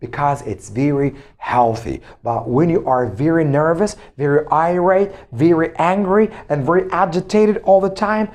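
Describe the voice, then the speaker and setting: A man's voice: on the high side, darkish tone. A male English teacher giving a pronunciation lesson, drilling each word over and over. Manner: slow, drills words with many repetitions.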